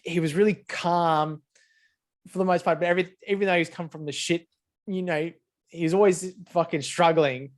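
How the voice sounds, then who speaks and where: A man's voice: fairly high pitch, fairly even intonation, moderate pace. A man co-hosting a podcast in laid-back, sweary casual chat, laughing often. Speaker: podcast co-host.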